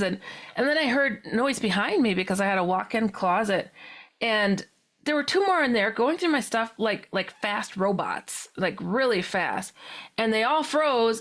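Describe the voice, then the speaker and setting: The guest, a woman who writes about the paranormal, shares a personal anecdote on a podcast with plenty of animation. Frequent laughter punctuates her telling, and she voices her past self with sudden pitch jumps.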